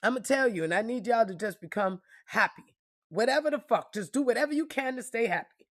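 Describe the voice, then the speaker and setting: A woman's voice: on the high side, expressive, fairly quick, dry recording, studio quality. Blunt, profane woman giving a pep talk. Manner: blunt, profane, emphatic, street-casual; swings from loud and punchy to soft and reflective. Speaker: spiritual reader and motivational vlogger. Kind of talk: casual motivational talk to followers.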